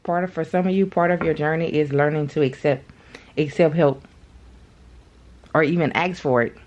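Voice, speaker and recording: A woman's voice: low-pitched, a little mellow. A woman giving a casual spiritual card reading straight to her viewers. She is chatty, repeats herself for emphasis and talks to them directly.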